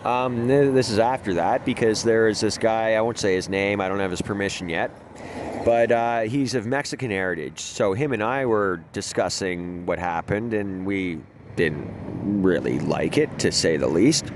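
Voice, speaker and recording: A man's voice: fairly low pitch, normal speed, background noise. A man hosting a gaming video, telling rambling, profane stories in a casual way and laughing at his own jokes. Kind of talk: casual storytelling over gameplay.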